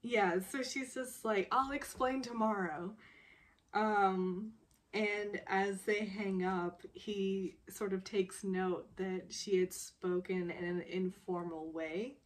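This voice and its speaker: Giggly woman vlogger, mid-pitched, rambling casual recap full of fillers. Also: fairly even intonation, slow pace. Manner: giggly, laughs often while retelling.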